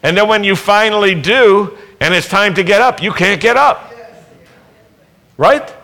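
Male preacher, slightly high and forceful voice, unhurried sermon delivery, emphatic calls to the congregation. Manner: emphatic, building to loud exhortations; asks the congregation rhetorical questions. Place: worship service.

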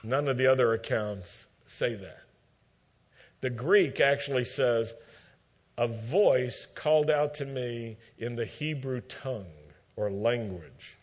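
Slow-preaching man, muffled recording. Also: mid-range voice. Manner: measured teaching with dramatic quoted lines. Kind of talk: sermon.

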